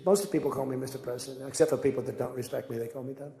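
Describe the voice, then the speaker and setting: A man's voice: medium pitch, steady tone, rapid-fire, creaky, few pauses, mellow. A man giving a rambling, boastful off-the-cuff speech, digressing and acting out conversations, in an echoey hall. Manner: boastful, digressive, acts out dialogue. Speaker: public speaker at a press event. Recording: echoey hall with long reverb.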